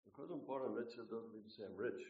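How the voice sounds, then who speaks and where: Northern Irish preacher, joking and folksy. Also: male voice, mid-range voice, fast. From Northern Ireland. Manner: folksy and joking, emphatic when reading scripture. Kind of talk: sermon. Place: meeting hall, speaking away from the mic. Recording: roomy, distant, dull hall recording.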